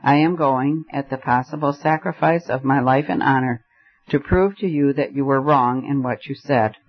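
A man's voice: medium pitch, moderate pace, natural voice. A man reading the part of an intense, fiery young male poet who declaims his ideas dramatically, on a slightly muffled recording. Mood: grave.

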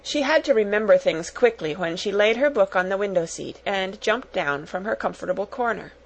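A woman narrating a children's storybook aloud in a measured, even-paced way. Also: mid-range voice, vocal fry, low-quality recording. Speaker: audiobook narrator. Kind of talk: storybook reading.

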